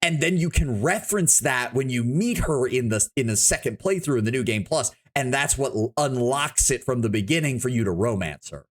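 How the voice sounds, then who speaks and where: Animated, rambling male streamer. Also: mid-range voice, normal speed, few pauses. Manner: rambling, animated, thinks aloud with frequent restarts; swears freely. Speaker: live streamer. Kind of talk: casual reaction chat on a live stream.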